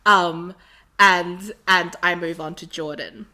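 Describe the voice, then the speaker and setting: A woman's voice: lowish voice, fairly even intonation, slow, sharp tone. A woman from Sydney, a podcast guest telling stories animatedly and often laughing. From Australia. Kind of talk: casual storytelling interview.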